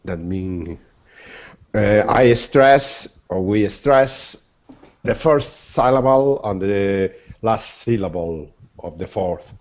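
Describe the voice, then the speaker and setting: A man's voice: on the low side, expressive, slow pace, a little mellow, muffled recording. A male student answering in an English class, hesitant and searching for words.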